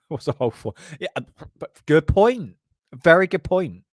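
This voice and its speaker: A man's voice: fairly high pitch, very animated, unhurried, no echo. Crude joking man, dry sound. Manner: crude, joking, laughs often. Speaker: channel host. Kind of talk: casual commentary on paranormal photos.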